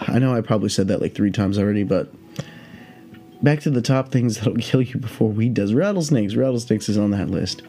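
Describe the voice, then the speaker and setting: A young man with a lowish voice rambles through a story, relaxed and high, swearing freely as he drifts off topic. Faint music plays behind him. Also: brisk. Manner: profane, meandering, laid-back. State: high on cannabis. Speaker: podcast host.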